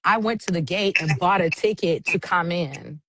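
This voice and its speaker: A woman with a fairly low voice and a moderate pace talks casually in an interview about her work as an event MC. She tells stories with animation, acting out quoted voices, and there's a little hiss or hum in the recording.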